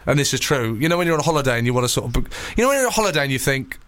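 Lively man hosting a chat podcast. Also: medium pitch, very fast. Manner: chatty, laughs often, self-mocking. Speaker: podcast host. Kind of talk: casual chat.

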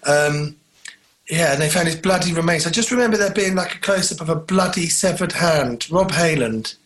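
A man co-hosting a podcast, telling rambling, animated stories in casual chat. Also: fairly high pitch, normal speed. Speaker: podcast co-host.

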